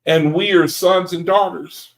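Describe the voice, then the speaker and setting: A man leading a Bible study group, reading scripture aloud and commenting on it in an excitable way, often laughing and calling the group brethren. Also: sits high, a little slow, creaky, rough recording.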